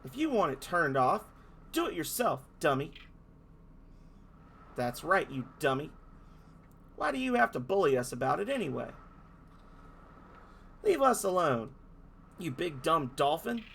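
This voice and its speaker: A man's voice: very animated, a little slow, vocal fry, long pauses, fairly bright tone, slight background noise, heavily acted. A man voicing tiny fairies from a game, whiny and taunting. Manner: high, whiny, name-calling.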